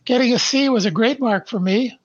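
An older man from Canada, a podcast guest who speaks slowly and deliberately, stressing his points and then reading his life story aloud. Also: very high-pitched, breathy edge, no echo, lo-fi sound. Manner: slow, deliberate and emphatic.

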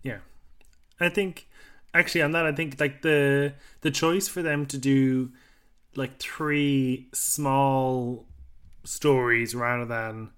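A man's voice: medium pitch, steady tone, slow, fairly bright tone, smooth. A man from England hosting a podcast, chatting casually and hesitantly and steering the talk to the next topic. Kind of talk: casual chat.

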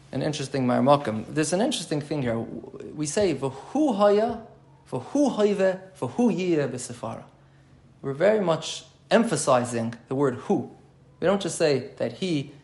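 A man's voice: mid-range voice, vocal fry, a little mellow. A man giving an explanatory Torah class, thinking aloud and repeating key phrases as he explains. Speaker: Torah teacher.

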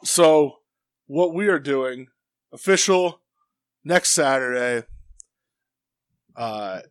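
A man's voice: medium pitch, animated, extremely slow, clear, resonant tone. A man co-hosting a casual wrestling podcast from a couch, joking around and swearing freely. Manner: laid-back, swears a lot, joking. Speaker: podcast co-host. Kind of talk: casual chat. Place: living room couch.

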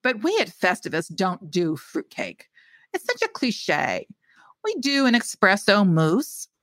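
A woman's voice: medium pitch, big pitch swings, a little slow, fairly bright tone, no echo. A woman voicing a bored, fussy man answering a caterer's phone, in a read-aloud mystery story. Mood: prissy. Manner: bored, prissy.

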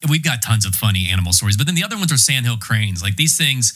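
A young man from North Carolina hosting a golf podcast, telling stories in an excitable, animated way. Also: medium pitch, fast talker. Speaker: podcast host. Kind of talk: casual storytelling.

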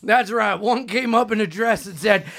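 A man's voice: high voice, normal speed, vocal fry, fairly bright tone, full character voice. A man voicing a crude, sweaty impression of a famous singer with a put-on Southern drawl, calling everyone Mama. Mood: lewd drawl. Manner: lewd, boastful, chuckling. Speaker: comedian guest.

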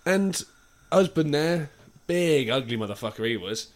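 A man's voice: on the high side, animated, a little slow. Man telling a rambling story. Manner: rambling anecdotal storytelling with swearing and laughter. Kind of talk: casual chat.

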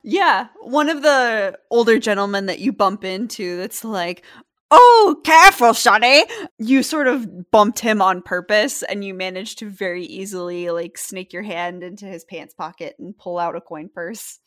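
A young woman acting as game master, narrating a tabletop game in a relaxed, chatty way. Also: medium pitch, moderate pace, few pauses.

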